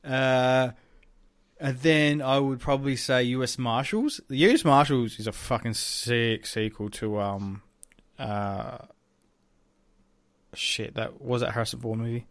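A man's voice: medium pitch, unhurried, no room sound. A young man co-hosting a podcast in casual chat, rambling with many ums and some swearing. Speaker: podcast co-host.

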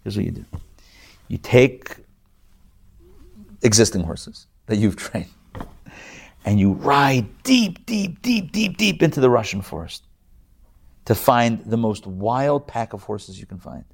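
A man playing a Kazakh man who proudly praises his homeland's horses, with a gravelly, lowered voice and emphatic repetition. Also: big pitch swings, slow, long pauses, full character voice. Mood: vivid.

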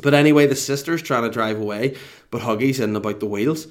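A middle-aged man with a North Down accent from Northern Ireland, a podcast co-host telling a comic story in an animated, self-mocking way and swearing freely. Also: mid-range voice, brisk. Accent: Northern Irish, North Down.

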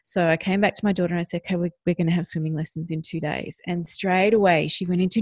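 A middle-aged woman co-hosting a parenting podcast, telling a family story in a gentle, conversational way and lifting her voice to act out her child. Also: on the low side, fairly even intonation, fast talker, no room sound. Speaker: podcast co-host.

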